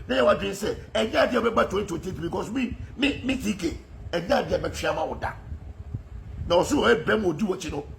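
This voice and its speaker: Ghanaian male commentator, high raspy-fry voice, impassioned monologue with frequent laughs. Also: fairly bright tone, a little hiss or hum. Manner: fervent, often laughing mid-sentence. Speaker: political social media commentator.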